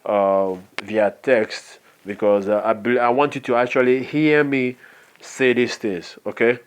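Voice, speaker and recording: A man's voice: mid-range voice, steady tone, unhurried, smooth. A man with a Nigerian accent giving a motivational business training talk, earnest and often checking in with "okay?". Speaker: network marketing trainer.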